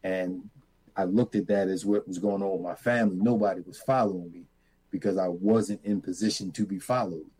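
Middle-aged man, husky and low-pitched, earnest storyteller in a talk interview. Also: fairly quick, poor audio. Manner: earnest, animated when retelling. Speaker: farmer and mentor. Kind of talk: reflective storytelling.

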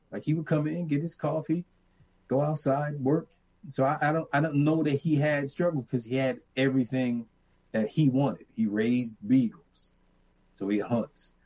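A middle-aged man, a farmer and mentor, telling reflective stories in an earnest way that turns animated as he retells them. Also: medium pitch, low-quality recording. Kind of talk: reflective storytelling.

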